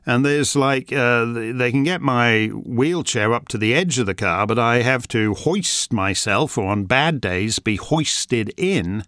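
In a clean, dry studio recording, a medium-pitched, fairly bright male voice belongs to a host who uses a wheelchair. Reading listener questions aloud at a members' Q&A, he delivers a casual monologue that is rambling and combative, with many restarts.

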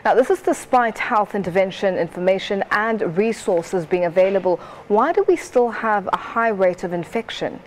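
A woman conducts a broadcast news interview in a polished, formal way. Her voice sits at a middle pitch and her phrasing is smooth. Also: moderate pace, few pauses, a little hiss or hum.

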